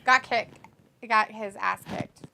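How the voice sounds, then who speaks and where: A woman's voice: mid-range voice, a little slow, creaky, sharp tone. A woman co-hosting a live watch-along, casually reading viewer comments aloud, laughing often and swearing freely. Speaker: co-host of a wrestling watch-along.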